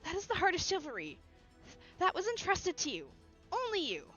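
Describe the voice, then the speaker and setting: A woman's voice: extremely high pitch, huge pitch swings, normal speed, pushed and bright, muffled recording, faint music behind, voice pushed up, full character voice. A woman voicing an earnest, righteous young woman knight who declaims with passion. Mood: impassioned. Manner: impassioned, declaiming.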